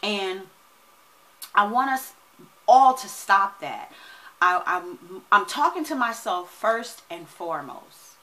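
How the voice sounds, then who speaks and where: Give me a forceful, energetic woman coach chatting to her viewers. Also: medium pitch, slow, rough recording. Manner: energetic and emphatic, often asks "right?". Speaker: money and wealth coach. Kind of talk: casual vlog talk to camera.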